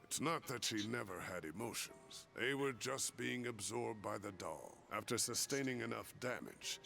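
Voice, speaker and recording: A man voicing a calm, analytical ally in a video game, reasoning things through. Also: mid-range voice, normal speed, vocal fry, soft background music.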